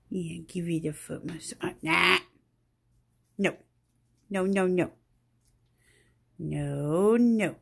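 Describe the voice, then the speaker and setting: A woman's voice: on the low side, drawn-out words, gravelly, pauses often, slight background noise. A woman filming her pet cockatoo on a phone at home, scolding it and cooing at it in playful baby talk. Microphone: phone held in hand.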